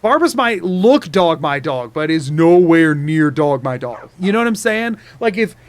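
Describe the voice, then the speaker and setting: Sing-song and on the high side, this streamer talks at a measured pace, chatting loosely to his viewers while he plays, full of rambling, repetitive puns.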